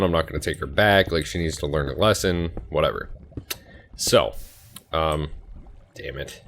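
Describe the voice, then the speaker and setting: A young man in his twenties with a low voice tells a long personal story in a loose, chatty way. He rambles, restarts and fills gaps with fillers as he plays a game on a headset mic. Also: a bit bright, a little hiss or hum. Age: 20s. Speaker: gaming YouTuber. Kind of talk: casual storytelling while playing a game.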